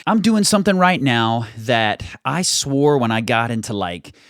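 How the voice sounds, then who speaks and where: A man's voice: medium pitch, animated, unhurried, fairly bright tone, no echo. A young American man with only a faint regional accent, hosting his channel in a chatty, self-deprecating way from his studio. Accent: mild general American, little regional trace. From United States. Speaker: YouTube channel host. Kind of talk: casual vlog monologue. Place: home studio.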